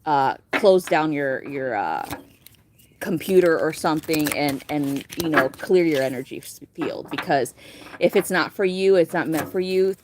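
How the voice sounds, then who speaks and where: Young female card reader, low-ish pitch, relaxed rambling delivery with frequent laughter. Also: a little slow, very noisy. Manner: chatty, laughs often, swears casually. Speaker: tarot reader. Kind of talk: casual spiritual vlog reading.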